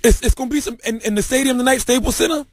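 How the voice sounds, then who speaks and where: A man's voice: extremely high pitch, racing, dry recording, clean studio sound. A man co-hosting a casual podcast, arguing emphatically with a lot of profanity. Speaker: podcast co-host.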